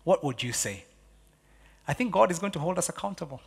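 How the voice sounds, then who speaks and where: Male pastor from Kenya, fairly high voice, preaching in a big echoing church hall, hushed one moment and loud the next. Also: animated, a little fast, creaky, slightly rough. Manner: swings from hushed asides to loud exhortation. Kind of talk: sermon. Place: church auditorium. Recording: long reverb of a church hall.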